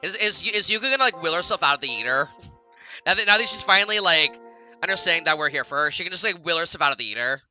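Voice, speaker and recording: Lively, bright-voiced let's-play streamer. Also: medium pitch, fast talker. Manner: chatty, laughs often, heavy use of "like". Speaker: gaming streamer. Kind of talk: casual let's-play commentary. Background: game music.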